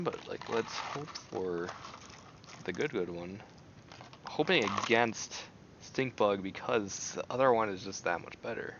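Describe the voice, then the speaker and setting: A man rambling and exclaiming in a casual, animated way as he chats on camera. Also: fairly low pitch, a little slow, highs cut off, noisy background. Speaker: video creator. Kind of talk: casual chat while taste-testing.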